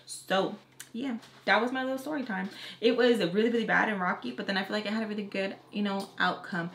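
A woman's voice: mid-range voice, steady tone, a little fast, vocal fry, a bit bright, slight background noise. A young woman telling a casual story in a chatty way, full of fillers, and acting out what others said. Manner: chatty, lots of "like" fillers, acts out quotes. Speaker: beauty vlogger. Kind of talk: casual story time chat. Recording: roomy echo.

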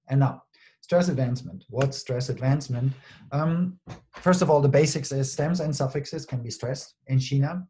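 A man's voice: medium pitch, warm tone. A man presenting an academic talk, explaining step by step with frequent fillers and "right?" checks to his listeners. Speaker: linguistics researcher presenting a talk.

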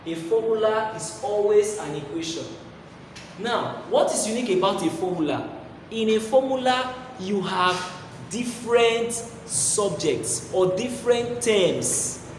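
A man teaches a maths lesson in a slow, high voice. He keeps asking rhetorical questions and repeats key phrases. His voice comes from far off in an echoey hall. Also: expressive, slight background noise. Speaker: mathematics teacher. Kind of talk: classroom lesson.

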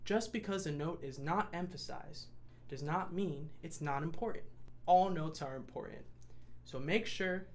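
A young man giving a percussion lesson, explaining calmly and slowing down to stress key points. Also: a little high, a little hiss or hum. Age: young adult. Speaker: percussion student teacher. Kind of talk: instructional lesson.

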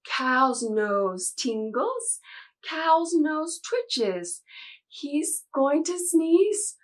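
Lively sing-song woman teaching toddlers. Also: high voice, very slow, soft background music. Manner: sing-song, exaggerated animal sounds and sneezes; mixes English and Spanish. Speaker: preschool teacher. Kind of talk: toddler circle-time lesson.

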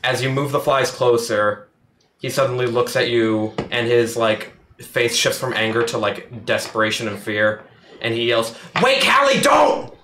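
A man's voice: mid-range voice, flat delivery, moderate pace, a bit bright. A man taking part in a tabletop role-playing game, talking casually and describing what happens. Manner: casual, narrates in-game events. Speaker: player. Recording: echoey room with clear background noise.

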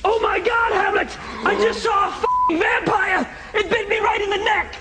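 A man playing a panicked Othello in a stage play, shouting. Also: very high-pitched, animated, normal speed, a loud crowd, very noisy. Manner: frantic shouting.

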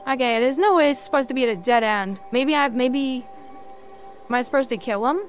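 A woman's voice: sits high, brisk, faint music behind. A woman streamer chatting casually and rambling jokingly to viewers while she plays a game. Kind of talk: casual gameplay chat.

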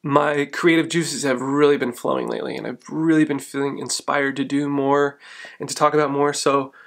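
A man in his thirties casually telling stories to the camera in a chatty, animated way, laughing often. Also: a little high, normal speed. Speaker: vlogger. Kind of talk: casual vlog storytelling.

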